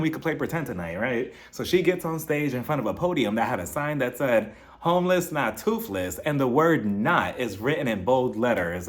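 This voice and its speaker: A man recapping a reality show in casual, sarcastic commentary, often acting out what people said. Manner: sarcastic, gossipy, acts out quotes in a high voice. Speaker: reality TV reviewer.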